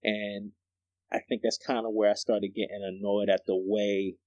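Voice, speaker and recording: A young man co-hosting a podcast, telling stories in a slangy, animated way and laughing often. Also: fairly low pitch, moderate pace, dry recording, highs cut off. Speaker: podcast co-host. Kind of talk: casual chat.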